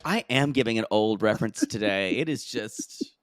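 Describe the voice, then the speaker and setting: A man co-hosting a casual reality-TV recap podcast, jokey and animated, often mimicking the cast in high mocking voices. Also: normal speed, no echo, studio quality. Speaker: podcast co-host.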